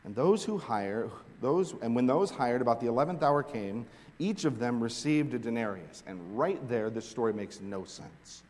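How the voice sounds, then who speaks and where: Male pastor, mid-pitched, animated delivery from quiet to forceful, big reverberant hall. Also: normal speed. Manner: animated preaching, swinging from hushed to emphatic. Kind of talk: sermon. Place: large hall with long reverb. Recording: echoey hall recording.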